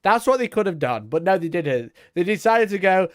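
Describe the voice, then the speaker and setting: Give me a joking co-host in casual banter who mocks and laughs often. The voice bounces up and down in pitch. The sound is dry and close, with no room around it. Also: sing-song, brisk, no echo.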